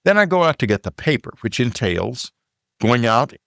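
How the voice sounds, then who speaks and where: A man from Texas telling a personal story in a relaxed, conversational way, with fillers and side remarks. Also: mid-range voice, vocal fry, no echo, studio quality. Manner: unhurried, plain storytelling with fillers and asides.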